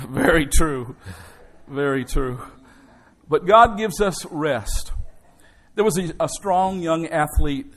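Guy pastor preaching in church, kinda high voice, loud then soft, lots of amens. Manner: emphatic, rhythmic preaching with call and response. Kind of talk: sermon.

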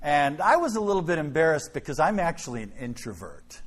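A middle-aged man preaching, telling a story in an animated, dramatic way. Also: a little high, a little fast. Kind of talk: sermon storytelling. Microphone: filmed by a camera operator.

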